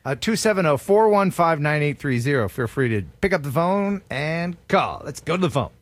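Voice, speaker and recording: A man's voice: a little high, expressive, normal speed. A man co-hosting morning radio, teasing his partner and playfully hyping the game. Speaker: radio co-host. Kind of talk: casual morning radio banter.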